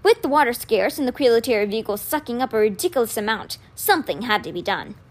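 A woman reading a children's novel aloud with expressive storytelling. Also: a little high, quick pace. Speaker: reader.

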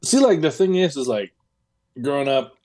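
A man's voice: medium pitch, very animated, normal speed, darkish tone, dry recording. Rambling man in casual podcast chat. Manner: rambling, heavy filler words and swearing. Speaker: podcast co-host.

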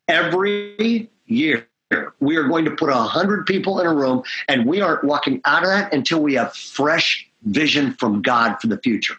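A man's voice: a little high, bright, forceful tone, poor audio. A middle-aged man preaching as a pastor, telling stories with energy and checking in with frequent asides. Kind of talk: sermon talk at a conference.

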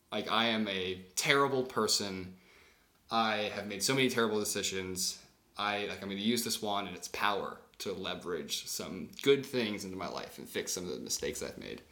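A man's voice: on the low side, a bit bright. A man voicing a bitter scheming knight. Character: bitter self-pitying male knight, scheming. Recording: roomy echo.

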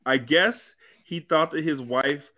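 A man's voice: a little high, slow pace, pushed and bright. Man casually recapping a bad movie. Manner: rambling, profane, joking recap. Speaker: podcast host.

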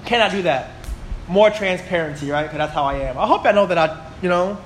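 A man in his twenties teaches a Bible class in a voice that sits high, talking a little fast against slight background noise. He's chatty and full of stories, frequently asking "right?" and "you know?".

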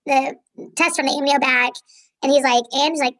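A woman's voice: high-pitched, steady tone, brisk, a crowd in the background. A woman co-hosting a casual podcast, giggly, retelling scenes with quoted lines. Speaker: podcast co-host. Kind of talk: casual chat recapping a sitcom episode.

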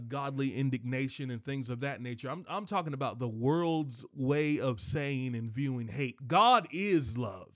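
A man's voice: a little high, no room sound, studio quality. A man preaching a sermon, emphatic, repeating key phrases and reading scripture aloud. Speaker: pastor.

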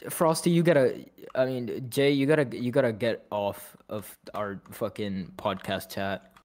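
A man's voice: medium pitch, a little slow, darkish tone. A young man co-hosting a casual podcast, rambling, swearing freely and laughing often. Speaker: podcast co-host. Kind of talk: casual chat.

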